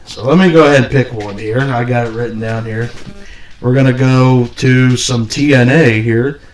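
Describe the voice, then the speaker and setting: A man co-hosting a casual wrestling podcast, profane and quick to laugh, with loud bursts. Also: medium pitch, steady tone, recorded from a distance. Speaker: podcast co-host. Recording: echoey room, off-mic.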